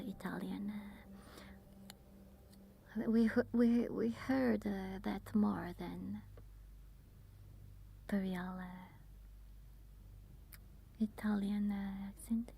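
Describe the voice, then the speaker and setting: A woman whispering as an ASMR streamer, chatting softly and haltingly with her viewers. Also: medium pitch, gravelly, a little hiss or hum. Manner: halting, with many fillers. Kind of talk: whispered ASMR livestream chat.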